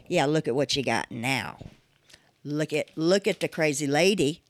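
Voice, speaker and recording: A woman's voice: low-pitched, lively intonation, a little slow, no echo. A woman in her forties hosting a personal podcast monologue, speaking candidly and emphatically with casual swearing. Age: 40s. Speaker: podcast host.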